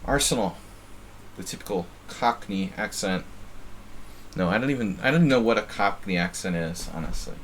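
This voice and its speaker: A man's voice: on the low side, lively intonation, moderate pace, a bit bright, slight background noise. A man from New Jersey giving casual live-stream chess commentary, thinking aloud and often repeating words as he muses. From New Jersey, USA.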